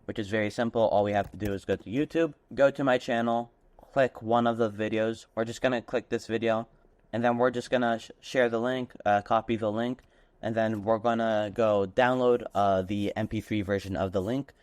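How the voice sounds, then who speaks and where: A man hosting a casual tutorial, walking through software step by step and stringing steps together with "and then". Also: lowish voice, fairly even intonation, moderate pace, dry recording. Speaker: tutorial host. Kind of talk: screen-recorded software walkthrough.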